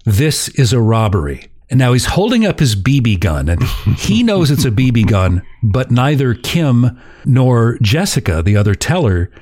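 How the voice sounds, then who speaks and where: A man narrates a story to his co-hosts in a relaxed, conversational way and chuckles as he goes. His voice sits in the middle range. The recording is dry and close to the mic. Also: medium pitch, normal speed, no room sound. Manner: chuckles while telling a story. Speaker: podcast host. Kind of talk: casual storytelling.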